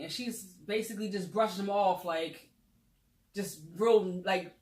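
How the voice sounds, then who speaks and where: A woman's voice: medium pitch, fairly even intonation, unhurried. A young woman animatedly retelling a book's plot in a casual group chat, acting out the quotes. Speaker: book club host. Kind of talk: casual book discussion. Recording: roomy echo, voice far from mic.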